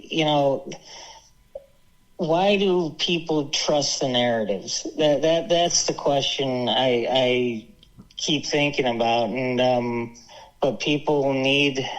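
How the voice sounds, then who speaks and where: A man talking politics on a radio show, hesitant and full of ums and restarts. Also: mid-range voice. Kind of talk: casual political talk. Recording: dull lo-fi sound.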